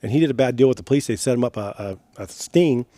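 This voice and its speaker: Middle-aged male guest, animated storyteller, fast and mellow, dry close mic. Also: medium pitch, no echo. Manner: animated anecdote-telling, acting out quoted voices. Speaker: guest, retired motocross racer. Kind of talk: casual storytelling.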